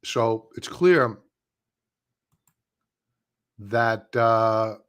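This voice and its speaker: A man's voice: on the low side, drawn-out words, a bit bright, clear, resonant tone. A man hosting a live stock-trading stream, talking casually and bluntly, scoffing at headlines and repeating his points for emphasis. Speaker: livestream stock trading host. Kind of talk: casual live market commentary.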